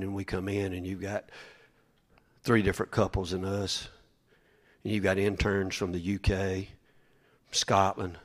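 A man preaching a sermon in a folksy, emphatic way, often repeating his words. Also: on the low side.

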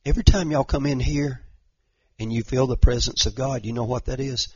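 A man's voice: medium pitch, fairly even intonation, brisk, darkish tone, husky. A middle-aged male pastor preaching a sermon, conversational with restarts and repeated words, building to impassioned, emphatic repetition. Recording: dull lo-fi recording.

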